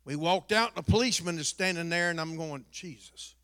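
High bright preacher in a hall. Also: male voice, fast, smooth. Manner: folksy storytelling, building to loud emphatic point. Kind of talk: sermon illustration, storytelling.

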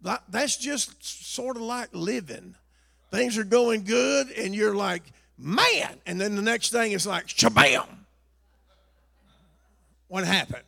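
An older man preaching a sermon as pastor, telling folksy stories and swinging from hushed asides to shouting. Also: sits high, measured pace, creaky, long reverb tail. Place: church.

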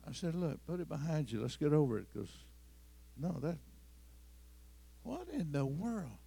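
A man preaching a sermon as pastor, moving between quiet storytelling and loud, climbing declarations. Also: fairly high pitch, big pitch swings, unhurried, creaky, husky. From Missouri. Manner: swings from soft storytelling to loud, rising preaching.

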